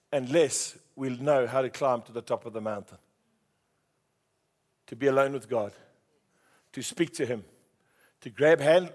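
A male pastor, preaching a sermon and calling on the congregation to repeat his words, dropping from hushed tones to loud passion. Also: fairly high pitch. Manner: call-and-response preaching, swinging between hushed and loud.

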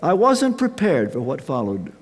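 An older man preaching a sermon, slow and emphatic with dramatic pauses. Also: fairly high pitch, huge pitch swings. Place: large hall with an audience. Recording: reverberant hall sound.

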